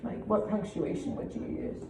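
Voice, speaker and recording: Brief: young woman teacher, upbeat and encouraging, echoey room, noticeable noise behind. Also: moderate pace. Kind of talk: reading lesson with students.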